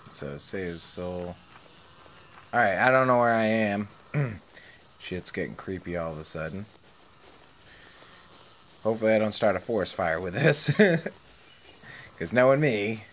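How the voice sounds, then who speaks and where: A man's voice: fairly low pitch, a bit bright, a little hiss or hum. A man giving casual, joking gameplay commentary, swearing freely and laughing at himself. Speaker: let's play gamer. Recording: game music playing under the voice.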